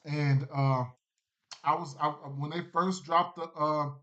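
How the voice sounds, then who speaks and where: A man's voice: on the high side, steady tone, slow pace, noisy background. A man chatting casually on a sports betting livestream, rambling loosely with many fillers and restarts. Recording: dull lo-fi stream audio.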